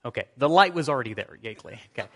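In a church sanctuary with noticeable reverb, a pastor preaches a sermon, reading scripture aloud and drawing his congregation in. His medium-pitched voice is animated, rapid-fire, pushed and bright.

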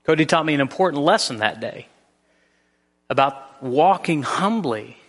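A pastor preaching a sermon, telling a story with shifting emphasis. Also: male voice, fairly high pitch, expressive, normal speed, fairly bright tone, long reverb tail.

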